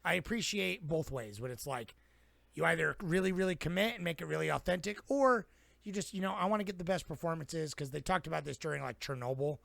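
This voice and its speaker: A man's voice: fairly high pitch, brisk, gravelly, fairly bright tone, dry recording. A man co-hosting a podcast, chatting casually about a film in a laid-back way, laughing often and trailing off. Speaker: podcast co-host.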